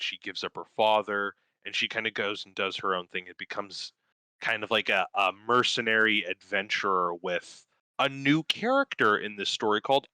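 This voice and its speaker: A man talking loosely on a podcast, swearing freely and rambling with eager excitement. His voice is bright and forceful, crisp and smooth, and the recording is dry and close. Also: lowish voice, no room sound, low-quality recording. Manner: profane, enthusiastic, rambling with fillers. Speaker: podcast co-host. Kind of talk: casual chat, recapping a cartoon series.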